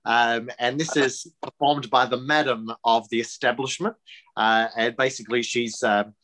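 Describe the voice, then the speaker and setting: A man's voice: medium pitch, normal speed, slight background noise, rough recording. A man, a songwriter, casually introducing his musical numbers with many fillers. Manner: relaxed, hesitant with many fillers. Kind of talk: lecture talk introducing songs.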